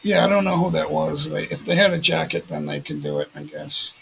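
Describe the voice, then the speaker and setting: A man's voice: on the high side, huge pitch swings, fairly quick, gravelly, a little hiss or hum, low-quality recording. A man hosting a livestream in casual chat, rambling and repeating himself. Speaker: livestream host.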